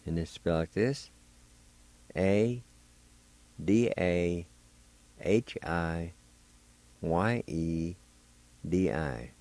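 Deep, slow-spoken male radio teacher. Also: darkish tone, no echo. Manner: spells words letter by letter and repeats each word slowly. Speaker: radio host teaching Cherokee words. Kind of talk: slow radio language lesson.

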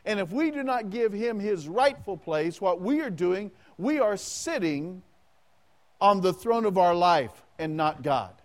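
A man's voice: sits high, expressive, measured pace. A man preaching a sermon as pastor, asking the congregation questions and acting out prayers in the first person.

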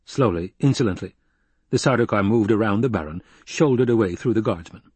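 Male audiobook narrator, husky, lowish voice, dry close recording. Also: a little fast, a little mellow, dry recording.

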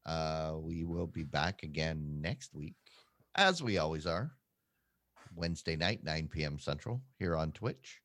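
A man's voice: expressive, fairly bright tone, dry recording. A man co-hosting a podcast, chatting casually in a rambling, self-deprecating way. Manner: rambling, self-deprecating, quick pitch jumps. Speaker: podcast co-host. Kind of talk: casual chat.

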